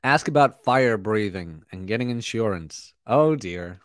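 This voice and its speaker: A man's voice: fairly low pitch, animated, a little slow, dry recording, clean studio sound. A man hosting a casual livestream podcast, rambling as he reads and answers chat comments. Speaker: podcast host.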